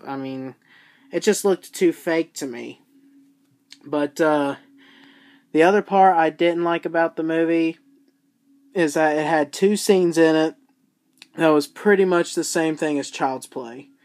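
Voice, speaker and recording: A vlogger giving a casual, rambling movie review in plain, informal words, often pausing on "but, uh". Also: medium pitch. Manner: rambling, with frequent "but, uh" fillers; plain-spoken, informal grammar.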